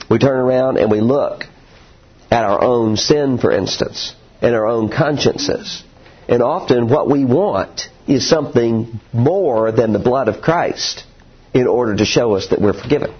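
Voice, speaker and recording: Husky-voiced man preaching a sermon. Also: mid-range voice, unhurried, lo-fi sound. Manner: earnest, animated storytelling with acted quotes.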